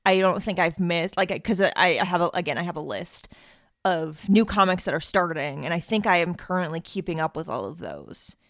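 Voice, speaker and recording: Chatty woman podcast host, lowish voice. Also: animated, moderate pace, fairly bright tone, dry recording, clean studio sound. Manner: chatty, laughs often, many fillers. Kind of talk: casual chat.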